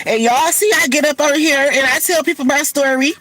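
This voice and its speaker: A woman's voice: high voice, fairly quick, a bit bright, low-quality recording. Tearful woman livestreaming, candid and sniffly. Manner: tearful, candid, addresses viewers as y'all. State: teary, sniffly from crying. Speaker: livestream host. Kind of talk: emotional casual livestream talk.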